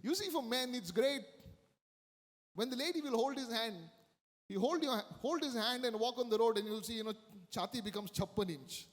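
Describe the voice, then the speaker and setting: Man, sermon, high pitch, emphatic, reverberant hall. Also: normal speed. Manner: emphatic, repeats key phrases, acts out quoted lines. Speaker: priest.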